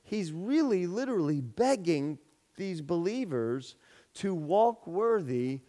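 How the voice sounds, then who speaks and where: A man's voice: high-pitched, big pitch swings, slow. A man preaching a sermon as pastor, telling a story with many restarts and repeated words, and raising his voice sharply for the lines of the story. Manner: storytelling, repeats words, grows loud for dialogue. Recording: long hall reverb.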